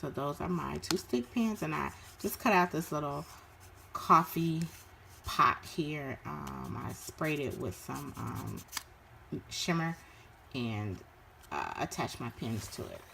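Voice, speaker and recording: A woman describing her handmade craft pieces in a casual show-and-tell, unhurried and full of ums and uhs. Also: deep voice, lively intonation, vocal fry, pushed and bright, a little hiss or hum. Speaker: crafter showing her work.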